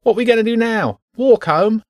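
Male narrator doing a complaining street rat; high, pushy, slangy. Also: animated, moderate pace, dry recording, clean studio sound. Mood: whining.

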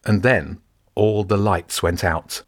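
A man reading a story aloud in steady, measured scripted narration. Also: low-pitched, no room sound, clean studio sound. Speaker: audiobook narrator.

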